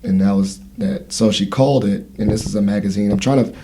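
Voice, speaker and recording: Low husky-voiced man in his thirties. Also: a little fast, warm tone. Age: 30s. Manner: rambling storyteller, many fillers and restarts. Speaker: podcast host. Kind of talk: casual podcast conversation.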